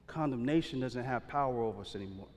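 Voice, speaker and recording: A man's voice: mid-range voice, quick pace. A man preaching a sermon as pastor, in a casual, slangy way that keeps checking in with the congregation. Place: church sanctuary. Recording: long reverb of a large hall.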